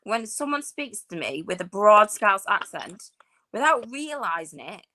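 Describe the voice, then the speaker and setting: A chatty woman, rambling happily and poking fun at herself. Her voice is bright and forward, sitting in an ordinary middle pitch. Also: big pitch swings, unhurried. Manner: chatty, rambling, self-deprecating. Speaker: podcast co-host. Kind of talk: casual chat.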